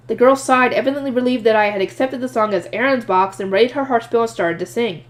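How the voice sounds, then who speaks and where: A woman narrates a light novel aloud at a quick pace. Her voice sits a bit high. She reads expressively and voices the narrator's private thoughts with feeling. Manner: lively, expressive reading with voiced asides. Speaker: audiobook reader.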